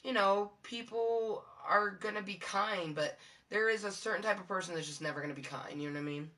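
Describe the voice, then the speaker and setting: Bright-voiced, rambling woman streamer. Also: fairly quick. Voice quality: low-toned for a woman. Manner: rambling, profane, giggly, many fillers. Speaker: live streamer. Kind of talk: casual live-stream chat with viewers.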